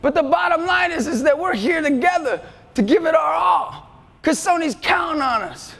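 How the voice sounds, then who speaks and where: A man in his thirties giving an intense, shouting, jokey faith talk to a live audience. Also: very high voice, expressive, normal speed, vocal fry. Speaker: youth speaker. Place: large event hall. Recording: long hall reverb, faint crowd.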